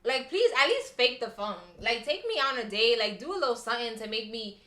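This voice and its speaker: A woman's voice: a little high, lively intonation, a little fast, sharp tone, reverberant. A young woman hosting a casual chat, talking in a blunt, sassy way. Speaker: podcast host.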